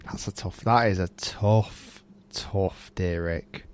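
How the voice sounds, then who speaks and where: A man's voice: low-pitched, slow pace. A man hosting a golf podcast, chatty and easily flustered, laughing often. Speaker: podcast host. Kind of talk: casual podcast chat.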